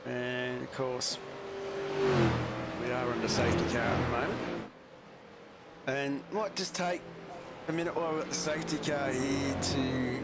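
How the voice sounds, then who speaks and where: A man hosting live sim racing commentary in a relaxed, chatty way. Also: medium pitch, gravelly. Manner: relaxed, chatty, often laughs. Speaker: race commentator and host. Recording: loud racing game noise behind.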